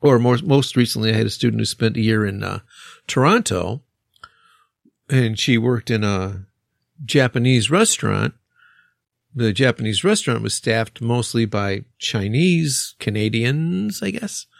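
A man's voice: mid-range voice, animated, unhurried, gravelly, no echo, clean studio sound. A man who teaches English, chatting casually and rambling with fillers and restarts. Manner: rambling, many fillers and restarts, laughs often. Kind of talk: casual podcast chat.

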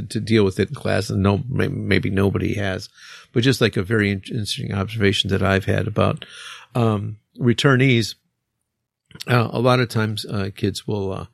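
This English teacher's voice sits on the low side and sounds creaky, recorded at studio quality without room sound. In casual podcast chat he rambles, fills pauses, restarts often, and laughs a lot.

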